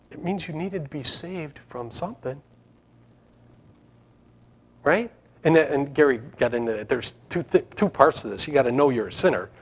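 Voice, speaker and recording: Rambling man giving a casual sermon. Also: medium pitch. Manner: rambling, conversational, many restarts. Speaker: pastor. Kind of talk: informal sermon.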